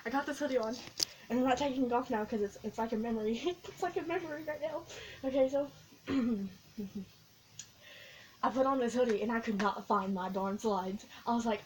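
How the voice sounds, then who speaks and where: A young woman vlogging, telling a long, excitable story in a casual, rambling way with lots of giggles. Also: a little high, fairly quick, low-quality recording. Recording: faint background noise.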